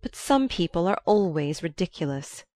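A woman reading the part of a proud, volatile young countess, shrill and imperious in an audiobook. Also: lively intonation, normal speed, dry recording, lightly acted. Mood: indignant. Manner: imperious, abrupt.

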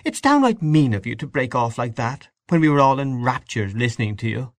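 A man reading aloud, voicing an excitable young woman hostess with a high, gushing voice. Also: a little fast, dry recording. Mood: excited.

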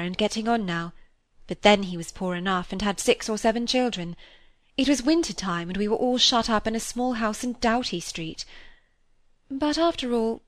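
A woman's voice: fairly high pitch, dry recording, voice pushed up, close to an everyday voice. A woman reading a candid, self-mocking young woman. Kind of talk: reading a classic novel aloud.

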